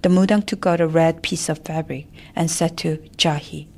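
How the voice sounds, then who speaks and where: A woman narrating a family memoir in a soft, often whispered voice. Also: low-pitched, fairly even intonation, moderate pace, hardly any pauses. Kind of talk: memoir storytelling.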